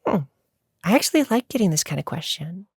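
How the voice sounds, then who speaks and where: A woman's voice: fairly low pitch, very animated, a little fast, husky, dry recording, studio quality. A woman answering viewer questions in a casual, chatty vlog, rambling and laughing often.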